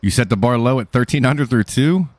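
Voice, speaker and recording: A man's voice: medium pitch, fairly quick, a little mellow, no echo. A man casually greeting viewers by name and answering chat during a live stream, joking in a laid-back way.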